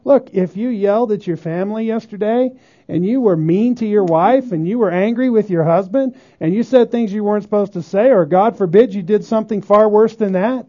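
A pastor preaching a sermon emphatically, often asking the congregation whether they agree. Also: male voice, high-pitched, a little fast, warm tone. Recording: dull lo-fi sermon recording.

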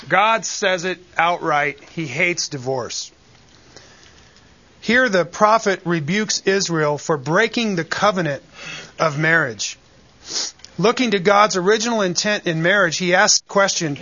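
Guy preaching a sermon, high voice, earnest and punchy, kinda muffled lo-fi recording. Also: a little slow, bright, forceful tone. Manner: earnest, emphatic preaching with asides to the congregation. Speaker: pastor.

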